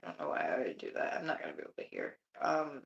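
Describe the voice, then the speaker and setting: A woman's voice: rumbling low, very animated, fast talker, creaky, muffled recording. A young woman from Alabama chatting casually on a live stream, laughing often and swearing freely.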